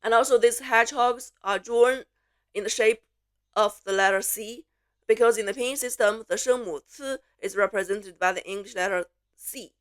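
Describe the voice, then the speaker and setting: Chinese-accented woman teaching mandarin, says each sound slow and clear for you to repeat. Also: on the high side. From Beijing, China. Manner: slow, clear model pronunciations switching between English and Mandarin. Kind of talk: language lesson, repeat-after-me drills.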